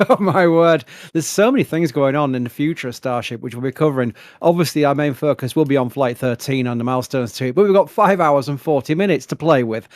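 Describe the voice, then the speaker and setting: A man with a Yorkshire accent hosting a live stream, chatting casually and reading viewer messages out quickly. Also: a little high, no echo, studio quality. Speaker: livestream host.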